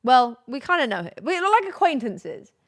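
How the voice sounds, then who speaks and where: A woman's voice: high voice, very animated, moderate pace, dry recording. Chatty woman streaming, dry sound. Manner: chatty, giggly, rambling. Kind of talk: casual stream chat.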